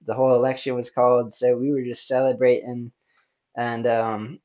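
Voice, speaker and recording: A man's voice: medium pitch, level tone, moderate pace, a little mellow, dull audio. A man hosting a podcast, telling a story casually in a rambling way, full of fillers and laughs. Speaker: podcast host.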